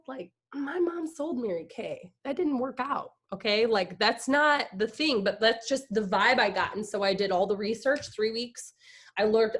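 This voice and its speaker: A woman in her thirties, a guest speaker telling a personal story to an online group in a chatty, emphatic way, with lots of filler words. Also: on the high side. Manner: chatty and emphatic, heavy use of "like".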